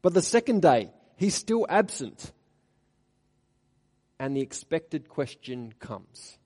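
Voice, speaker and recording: A man with a mid-range voice preaches an expository sermon, reading scripture aloud with rising emphasis before dropping into quiet asides. The recording carries long hall reverb.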